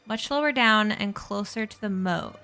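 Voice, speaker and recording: A woman's voice: mid-range voice, normal speed, pushed and bright, faint music behind. A woman live-streaming a game, chatting casually with viewers, thanking and greeting them and laughing often.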